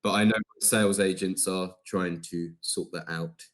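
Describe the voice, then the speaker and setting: A man speaks as a filmmaker guest on a video call, in a fairly low voice. He talks easily but hesitantly, pausing on fillers as he thinks. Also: fairly even intonation. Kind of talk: casual chat.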